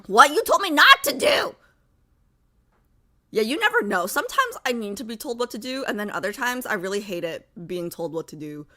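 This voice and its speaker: Chatting casually with live viewers, a young female streamer rambles and fills gaps with filler words. Her mid-range voice comes across pushed and bright.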